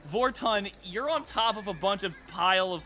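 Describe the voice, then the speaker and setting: Male game master, higher voice, bright tone, relaxed and joking, faint music behind. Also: moderate pace, a little hiss or hum. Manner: laid-back, joking, swears casually. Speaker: dungeon master. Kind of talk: narrating a tabletop game.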